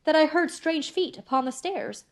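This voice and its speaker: A woman voicing a gentle, anxious young wife in an audiobook, pleading in a faltering, raised voice. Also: sits high, animated, normal speed, voice pushed up.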